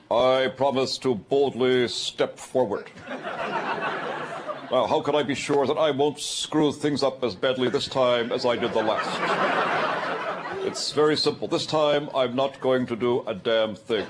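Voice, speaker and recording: A man's voice: mid-range voice, heavy background noise, lightly acted. A man doing a stammering pompous politician. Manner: stammering, endless "yes, indeed". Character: bumbling hesitant male party leader impression. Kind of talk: sketch comedy.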